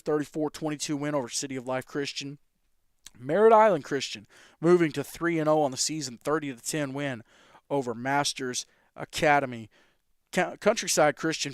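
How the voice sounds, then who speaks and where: A man hosting a sports talk show, running through high school football scores in a casual, quick way with fillers and self-corrections. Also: clear, resonant tone, dry recording, studio quality.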